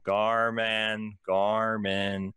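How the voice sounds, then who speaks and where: A man voicing a slow, sarcastic male gnome shopkeeper with a drawn-out sales patter in a tabletop game. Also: lowish voice, little pitch movement, bright, forceful tone, smooth, dry recording, full character voice. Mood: drawling salesy.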